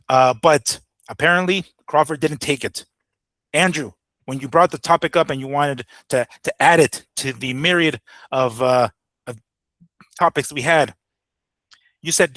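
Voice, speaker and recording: A man's voice: a little high, measured pace, pauses often, fairly bright tone, no echo. A man co-hosting a fight news show, talking casually with lots of fillers, restarts and swearing. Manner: rambling, many fillers and restarts. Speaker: boxing show co-host. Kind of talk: casual profane news chat.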